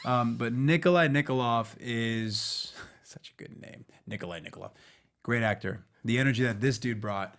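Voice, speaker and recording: A man, a guest actor on a fan talk show, chatting casually and telling animated stories with playful impressions. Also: mid-range voice, moderate pace. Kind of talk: casual chat.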